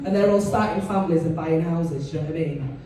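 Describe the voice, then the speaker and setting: A low-pitched woman with a Leeds accent rattles through a chatty comedy club set at a quick pace, lively and full of fillers. The northern English comic is heard from a distance amid echo and room noise.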